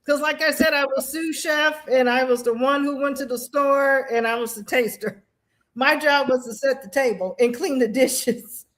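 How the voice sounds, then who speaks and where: A middle-aged woman shares memories in a lively, storytelling way, slipping into the voices of people she quotes. Her voice sits a little high for a woman. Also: normal speed. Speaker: guest, Air Force veteran. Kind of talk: emotional conversation about grief.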